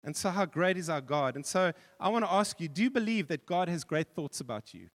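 A male pastor preaching a sermon in a church hall, telling a story with animated repetition. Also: fairly high pitch, brisk. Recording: long reverb of a church hall.

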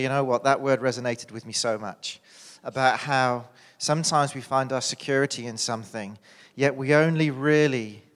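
A man's voice: mid-range voice, fairly bright tone. British male preacher, joking and loose, fillers and restarts, reverberant church hall. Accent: British English. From United Kingdom. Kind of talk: sermon.

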